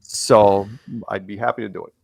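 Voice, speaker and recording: A man's voice: on the low side, fairly even intonation, normal speed, gravelly, darkish tone, dry recording, studio quality. A man chatting as a podcast guest, telling rambling stories and acting out quotes from others. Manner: rambling storyteller, acts out quotes. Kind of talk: casual interview chat.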